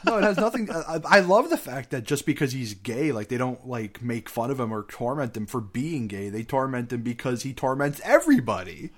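A man's voice: medium pitch, sing-song, fairly quick, hardly any pauses. A man co-hosting a casual movie podcast who laughs and eagerly quotes favorite lines. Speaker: podcast co-host. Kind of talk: casual movie-review chat.

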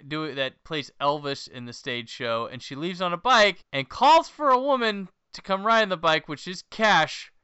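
A man with a bright, very clear, lively voice recaps a film plot with animated energy. The sound is dry and slightly dull, like a home podcast mic. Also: on the high side, normal speed, hardly any pauses, no echo. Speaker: podcast host. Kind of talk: casual movie recap.

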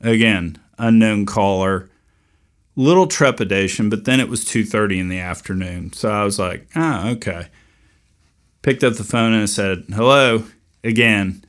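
A middle-aged man with a fairly low voice hosts a podcast and tells a long story. He keeps a dry, wry, deadpan manner throughout. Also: moderate pace. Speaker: podcast host. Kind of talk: storytelling monologue.

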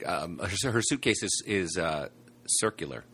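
A man's voice: low-pitched, lively intonation, a little slow, a bit bright, husky. A man co-hosting a casual movie review podcast, playful and enthusiastic about what he loves. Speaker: podcast co-host.

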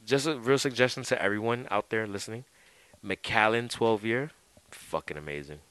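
A man's voice: on the low side, normal speed, a bit bright, smooth, no room sound, low-quality recording. A man hosting a wrestling podcast, talking loosely and swearing freely with lots of "like" and "dude", sipping a drink as he goes. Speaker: podcast host. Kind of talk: casual chat.

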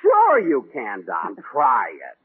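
A man's voice: medium pitch, wildly swooping pitch, slow, breathy edge. A man hosting a 1940s radio comedy, talking in an indignant, exasperated way. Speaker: comedy show host. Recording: tinny 1940s radio broadcast.

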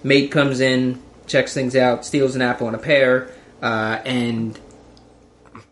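Mid-pitched guy rambling thru a recap, lots of ums, faint hiss behind. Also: little pitch movement, slow. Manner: rambling, hesitant, many ums and uhs. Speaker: podcast co-host. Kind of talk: casual chat recapping a TV show.

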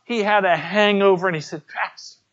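A man's voice: sits high, animated, takes it slowly, highs cut off. A man preaching a sermon as pastor, telling personal stories in an earnest way.

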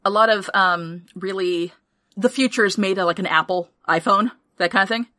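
A woman hosting a podcast in casual chat, recapping a film with energetic, profane enthusiasm and frequent laughter. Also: mid-range voice, normal speed, dry recording, clean studio sound. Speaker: podcast host reviewing a film.

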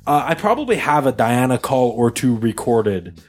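A man hosting a podcast, telling a rambling story in an animated, joking way. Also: mid-range voice, moderate pace, soft background music. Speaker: podcast host. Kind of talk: casual chat.

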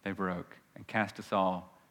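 A male pastor preaching a sermon, swinging between loud emphatic peaks and hushed, low phrases. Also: flat delivery, measured pace. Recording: long hall reverb.

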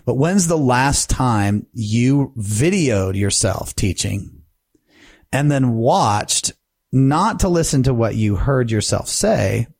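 A man co-hosting a podcast about preaching, talking in a relaxed, conversational way. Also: mid-range voice, takes it slowly, creaky, no echo, clean studio sound. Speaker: podcast co-host.

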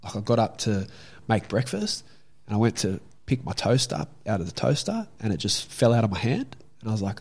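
A man's voice: fairly low pitch, lively intonation, fairly quick, vocal fry, a little mellow, breathy edge. A young Australian man telling a story from his own life in a casual, candid way, swearing freely. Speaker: guest.

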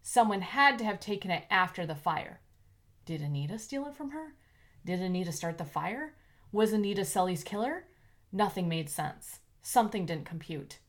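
A woman narrating an audiobook in an even, measured way. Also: mid-range voice.

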